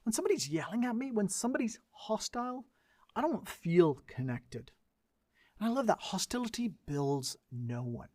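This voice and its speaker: Earnest higher-voiced male lecturer, dry sound. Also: darkish tone, no room sound. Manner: earnest, uses rhetorical questions and lists. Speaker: lecturer and mediator. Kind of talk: educational lecture to an audience.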